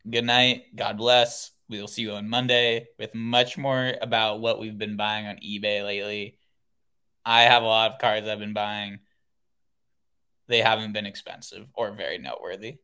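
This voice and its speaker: A man co-hosts a podcast, signing off in a relaxed, easygoing way. His voice is bright and forward, pitched in an average range. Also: clean tone. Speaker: podcast co-host. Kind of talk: casual chat, show sign-off.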